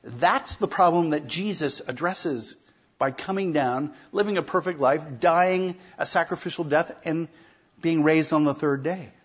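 Husky, fairly high-voiced man preaching. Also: unhurried, highs cut off. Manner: conversational, asks rhetorical questions. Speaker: pastor. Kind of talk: sermon.

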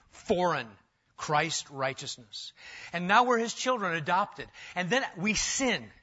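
Emphatic male preacher, bright voice. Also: high voice. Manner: emphatic, swings between loud and hushed. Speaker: pastor. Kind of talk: sermon. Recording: dull lo-fi sound.

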